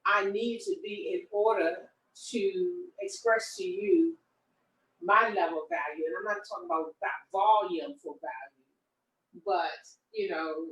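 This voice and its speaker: A woman co-hosting a relationship discussion, talking in a reflective, halting way and often repeating words. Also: medium pitch. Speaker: co-host. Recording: roomy echo from a distant mic.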